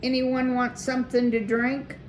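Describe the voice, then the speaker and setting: A woman's voice: fairly high pitch, level tone, a little slow, a little hiss or hum, voice pushed up, natural voice. A woman reading aloud, voicing a laid-back male mouse drummer who talks in an offhand murmur.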